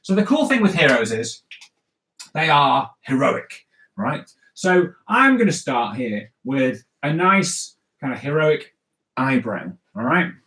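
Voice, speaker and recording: A man's voice: mid-range voice, very animated, takes it slowly, sharp tone. A man, a comics artist teaching a live drawing lesson for kids in a playful, chatty way, often checking in with "right?" and "okay?". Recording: echoey room.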